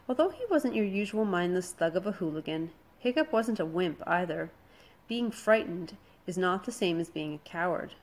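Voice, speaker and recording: A woman narrates a children's adventure book aloud. Her voice sits a little low for a woman. Her reading is steady and expressive. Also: normal speed, poor audio. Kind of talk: storybook narration.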